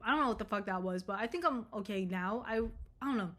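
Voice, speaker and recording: A young woman vlogging casually, telling a rambling story full of swearing and animated retellings. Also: medium pitch, quick pace. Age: young adult.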